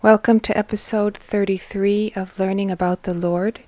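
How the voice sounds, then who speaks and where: A woman's voice: mid-range voice, little pitch movement, moderate pace, dark tone, no echo. A woman hosting a religious teaching episode, reading a book aloud and stopping to explain what it means in an earnest tone. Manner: earnest, explains as she reads. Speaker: host and reader.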